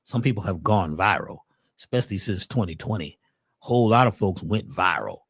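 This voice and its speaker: A man presenting herbal health advice in a casual livestream talk, preachy and animated, throwing out rhetorical questions. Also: low-pitched, a little fast, vocal fry, breathy edge.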